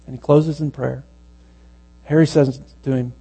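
A man preaching a sermon, telling a story in a conversational way and dropping to a hushed, slow voice at its tender moments. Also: mid-range voice, level tone, husky, poor audio.

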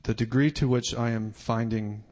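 A man moderating a church panel, reflective and measured. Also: medium pitch, fairly even intonation, darkish tone.

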